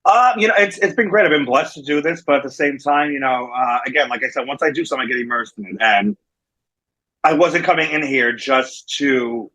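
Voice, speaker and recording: A man with a New Jersey accent, a wrestling manager appearing as a guest, spins stories in a casual interview over a remote call, acting out the voices he quotes. His voice is medium-pitched, a little fast and sharp, and the recording is rough.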